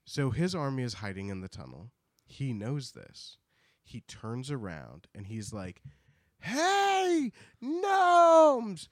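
Lively man retelling a story. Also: lowish voice, a little slow, dry recording, studio quality. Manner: animated storytelling, jumps into character voices. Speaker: podcast co-host. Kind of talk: casual book recap chat.

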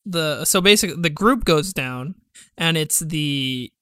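A man with a fairly high, bright, forceful voice cuts into a casual podcast chat with short, wry remarks. His voice comes through close to the mic in a dry room with no echo. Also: animated. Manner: quick wry interjections. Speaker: podcast co-host. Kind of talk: casual movie review chat.

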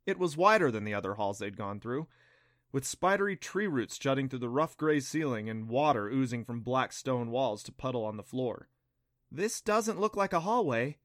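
A male narrator reading an adventure audiobook at a mid pitch, steady and clear. The sound is dry and close, with no room echo at all. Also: moderate pace. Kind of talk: scripted narration.

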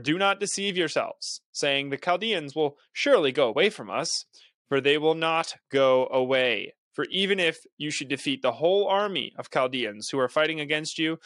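A man's voice: a little high, a bit bright, no echo. Earnest man reading scripture, dry sound. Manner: earnest, with casual asides. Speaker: podcast host. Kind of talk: Bible reading with commentary.

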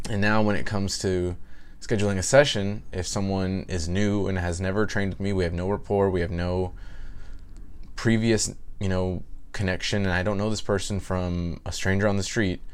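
Young male trainer hosting a solo podcast; very low voice, blunt, unfiltered, casual delivery. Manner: blunt, candid, lots of fillers and restarts. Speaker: podcast host; personal trainer.

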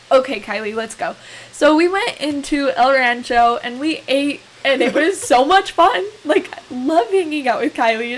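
A young woman in her twenties casually telling a story as podcast co-host, laughing often and animated. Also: sits high, poor audio. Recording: faint hiss.

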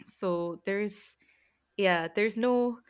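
A woman hosting a relaxed podcast chat at a middle pitch. She talks in a friendly, quick way and laughs easily. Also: clean tone. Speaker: podcast host. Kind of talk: casual podcast interview.

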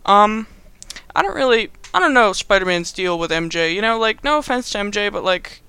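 A man's voice: high-pitched, expressive, normal speed, sharp tone, smooth, no room sound. A young man casually recapping a movie in a rambling, amused way, full of fillers. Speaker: host.

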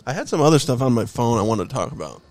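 A man's voice: mid-range voice, big pitch swings, racing, a little mellow, no room sound. A man teasing his friends sarcastically during a casual chat.

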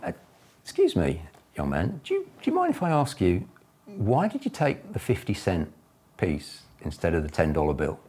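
A man's voice: low-pitched, wildly swooping pitch, normal speed, dark tone, husky, full character voice. A man voicing a polite, curious customer in a joke. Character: polite adult male customer.

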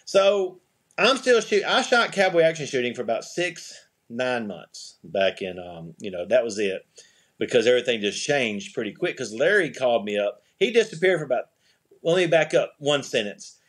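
Guest spot: man, slightly husky voice, casual rambling storyteller, restarts and chuckles. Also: mid-range voice, animated, moderate pace, a bit bright. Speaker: podcast guest, eyewear company CEO.

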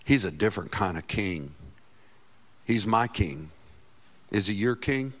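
A middle-aged man, a pastor, preaching a sermon with passion, swinging from loud outbursts to quiet asides. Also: fairly low pitch, expressive, a little slow.

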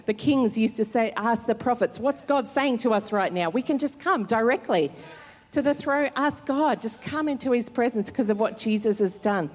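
A woman's voice: a little high, moderate pace. Woman pastor preaching in reverberant church. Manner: conversational, earnest preaching with fillers. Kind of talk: sermon. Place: church service hall. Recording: long hall reverb in church.

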